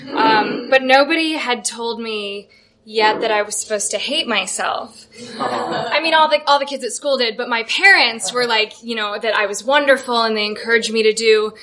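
Bright-voiced woman telling a wry story. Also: on the high side, normal speed. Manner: wry, self-deprecating storytelling. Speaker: guest storyteller. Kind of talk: live comedic personal storytelling. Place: live show venue.

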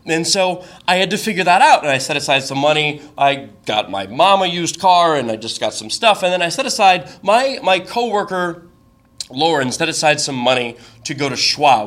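A man's voice: on the high side, fairly bright tone. A man telling a comic personal story on stage, chatty and full of restarts. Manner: conversational, with frequent restarts and fillers. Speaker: storyteller at a live show. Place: stage before a live audience.

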